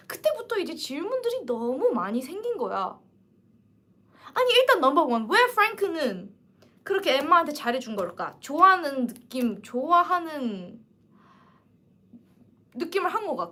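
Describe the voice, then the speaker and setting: Young woman, high voice, very fast talker, animated, emphatic, livestream host. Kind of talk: casual livestream book chat.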